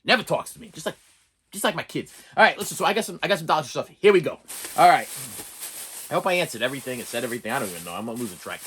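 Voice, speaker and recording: Brief: male vlog host, chatty and rambling, with a lively, swooping, fairly high voice. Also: racing, slight background noise. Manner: chatty and animated, with frequent restarts and asides. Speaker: channel host and reviewer. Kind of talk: casual rambling vlog chat.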